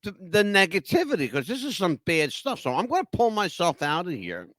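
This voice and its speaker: A man hosting a casual podcast, rambling and restarting his sentences as he sets things up. His voice swings lively up and down and sits a little high. The sound is dry and close-miked. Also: no echo. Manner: rambling, animated, halting restarts. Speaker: podcast host.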